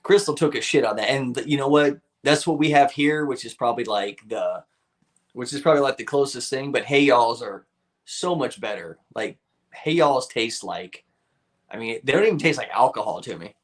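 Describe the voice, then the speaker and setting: A man's voice: medium pitch, normal speed. Laid-back man chatting to a live chat. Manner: rambling, swears freely, laughs often. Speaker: live stream host. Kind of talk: casual chat with live chat viewers.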